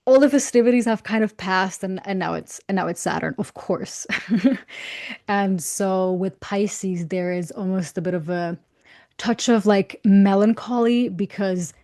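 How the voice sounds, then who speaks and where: A woman's voice: mid-range voice, a little slow, warm tone. A woman, a guest astrologer in a casual podcast conversation. She talks reflectively, repeats words as she starts her sentences and laughs often.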